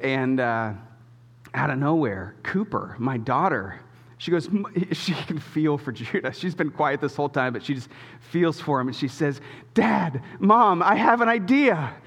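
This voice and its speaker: A man in his thirties preaching a sermon as a pastor in a church, telling a story in a casual, animated, self-deprecating way. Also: a little high, a little slow, creaky, slightly rough. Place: church auditorium. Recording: long reverb of a church hall.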